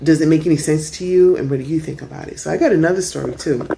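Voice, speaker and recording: A middle-aged woman chatting and telling stories in a casual vlog, recorded outdoors on a porch. She is animated and laughs often. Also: deep voice, fast talker, creaky, noisy background. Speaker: vlogger.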